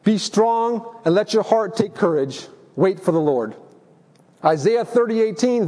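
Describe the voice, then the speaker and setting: A man preaching a sermon as pastor, earnest and slowing down on key phrases. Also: high voice, expressive, dark tone, long reverb tail. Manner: earnest preaching, slows for emphasis.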